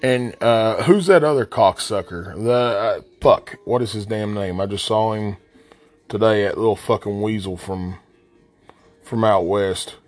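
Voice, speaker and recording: With a lowish, slightly mellow voice and a somewhat slow delivery, this Appalachian-accented man from southern West Virginia's coal fields hosts a podcast. It's a solo rant: blunt, angry, and heavily profane.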